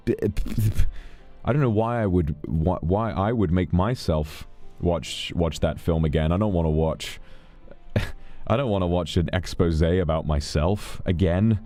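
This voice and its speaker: A man's voice: low voice, expressive, measured pace, dark tone, faint music behind. A British man chatting casually on a stream, rambling and swearing freely as he tells stories.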